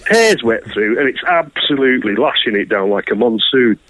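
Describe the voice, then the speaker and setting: A man's voice: medium pitch, expressive, moderate pace, a bit bright, dry recording, rough recording. A man, a guest angler, telling rambling, crude stories in casual chat and acting out voices. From England. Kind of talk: casual anecdote.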